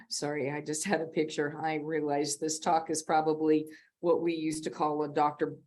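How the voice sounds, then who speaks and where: A woman's voice: sits low, little pitch movement, measured pace, pauses often, darkish tone. A middle-aged woman giving a conversational, rambling sermon as a guest speaker, laughing often at herself. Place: church sanctuary.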